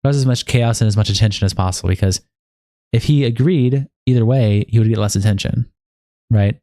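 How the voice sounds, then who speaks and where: Fast-talking low-voiced male streamer. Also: warm tone, dry recording, clean studio sound. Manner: blunt, profane and exasperated. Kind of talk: live-stream commentary reading chat logs aloud.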